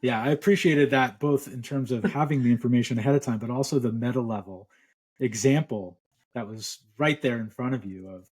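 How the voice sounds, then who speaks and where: A man's voice: medium pitch, brisk, darkish tone, husky. A middle-aged man, a clinical psychologist, explaining ideas relaxedly in a podcast interview.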